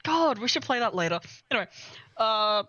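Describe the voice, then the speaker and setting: A woman's voice: on the high side, expressive, moderate pace, sharp tone, no room sound, muffled recording. A woman co-hosting a podcast, joking and giggling in casual chat. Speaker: podcast co-host. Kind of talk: casual chat and story reading.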